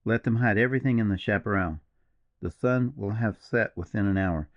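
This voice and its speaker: A grave, proud partisan officer, as a male reader voices him, low and gravelly, unhurried and measured. The recording is dry and a little dull. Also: no echo, natural voice. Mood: commanding. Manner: slow, mournful, measured. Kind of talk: audiobook character reading.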